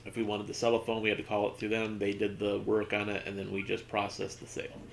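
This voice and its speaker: A man's voice: on the low side, completely flat delivery, fast talker, gravelly, slight background noise. A man streaming a video game, rambling through a casual anecdote with lots of fillers. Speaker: gaming streamer. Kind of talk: casual storytelling while playing.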